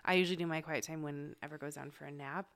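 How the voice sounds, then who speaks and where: Low-voiced chatty young mom. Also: female voice, fairly even intonation, fast, fairly bright tone. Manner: candid, chatty, many "like" fillers. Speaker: mother of a young child. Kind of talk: casual faith talk.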